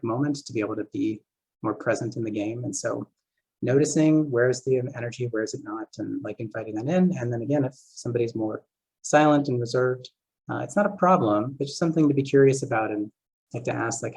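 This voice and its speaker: A man's voice: medium pitch, a little mellow, low-quality recording. A man who runs therapy groups as a game master, giving a casual seminar talk full of "like" and "uh" fillers. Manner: casual, filler-heavy, many "like" and "uh". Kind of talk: seminar lecture.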